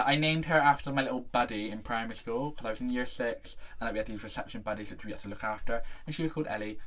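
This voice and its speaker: A man's voice: medium pitch, fairly bright tone. Chatty young English man vlogging. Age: young adult. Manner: chatty, camp, jokey asides. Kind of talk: casual to-camera vlog.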